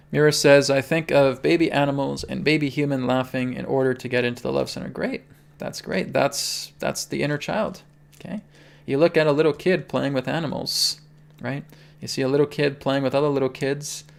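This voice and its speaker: A man's voice: mid-range voice, steady tone, moderate pace, vocal fry. A man hosting a spiritual livestream, teaching in an earnest, pleading way and checking in often with his listeners.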